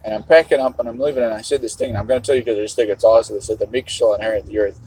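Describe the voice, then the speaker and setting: A man's voice: on the low side, steady tone, rapid-fire, mellow, slight background noise, rough recording. A middle-aged man vlogging in a casual livestream monologue, rambling and musing with a half-joking tone.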